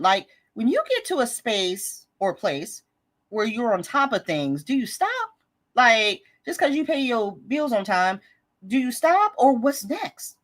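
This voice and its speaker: Upbeat woman live-stream host, higher voice with very animated pitch, casual and encouraging, reads chat comments aloud. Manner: upbeat, encouraging, chatty, laughs often.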